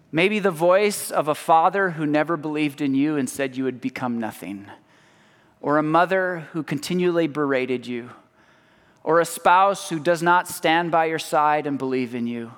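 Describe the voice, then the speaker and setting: A man preaching a sermon as pastor, slow and emphatic, letting phrase ends drop low. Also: a bit bright. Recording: long hall reverb.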